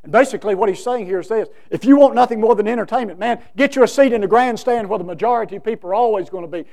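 A man's voice: sits high, rapid-fire, creaky, hardly any pauses, a little mellow. A man preaching a sermon as pastor, folksy and emphatic, acting out the voices of the people in his stories.

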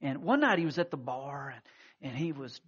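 Husky-voiced man preaching a sermon. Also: medium pitch, expressive, moderate pace, muffled recording. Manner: storytelling with acted quotes, many restarts. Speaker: pastor.

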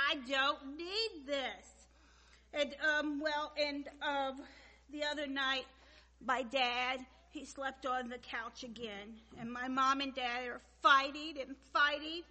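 High, tearful young woman praying. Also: slow pace, pushed and bright. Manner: tearful, self-pitying, repeating why questions. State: crying. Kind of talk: tearful comic monologue prayer.

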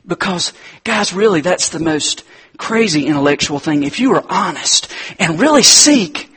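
A man preaching in a relaxed, conversational way, calling his listeners "guys". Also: on the high side, brisk, husky. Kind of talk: conversational sermon.

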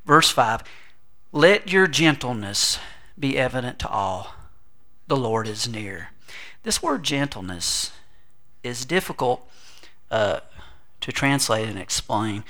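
A middle-aged man preaching a sermon with animated delivery, humorous asides and quoted voices. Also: mid-range voice, slow pace, pauses often. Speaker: pastor.

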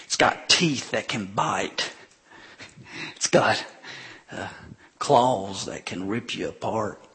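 A man preaching a sermon as a pastor, retelling scripture stories with animated delivery and acted-out voices of crowds. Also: lowish voice, slow, husky. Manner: animated storytelling preacher, acting out crowds with shouts.

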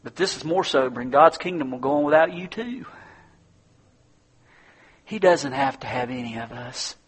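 A male pastor delivers an earnest sermon, often repeating words as he builds a point. His voice sits somewhat high and has a husky edge. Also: animated, normal speed.

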